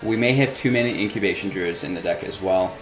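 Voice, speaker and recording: A man with a fairly low voice talks casually through a card game, thinking aloud in an easy, unhurried way. Music plays clearly beneath his commentary. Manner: relaxed, musing, thinks aloud while playing. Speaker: gameplay streamer.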